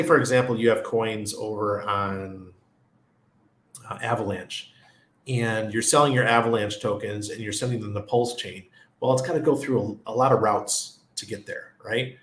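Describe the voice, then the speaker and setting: A man's voice: on the low side, roomy sound. A middle-aged man hosting a casual livestream chat who laughs often and greets viewers by name. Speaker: livestream host.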